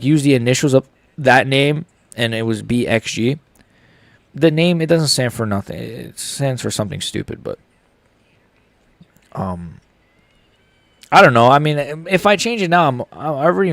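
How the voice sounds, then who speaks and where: Young male streamer with hiccups, casual slangy chat, close dry mic, mid pitch. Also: animated, moderate pace, creaky, no room sound. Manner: reads chat aloud, laid-back slangy banter. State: has the hiccups. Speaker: streamer reacting live to fights.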